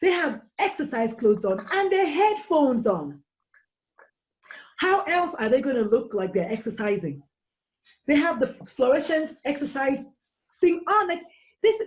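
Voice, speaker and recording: A woman's voice: high voice, very animated, measured pace, pauses often. A woman speaking as a podcast guest in a casual discussion, impassioned and blunt, firing emphatic questions.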